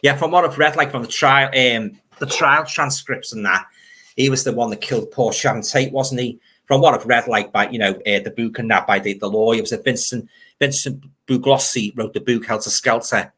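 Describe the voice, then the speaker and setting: A man's voice: mid-range voice, normal speed, pushed and bright, breathy edge. An older man with a Liverpool accent hosting a casual livestream, reading out viewer comments and rambling about films. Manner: rambling, reads viewer comments aloud, grumbles. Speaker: livestream host.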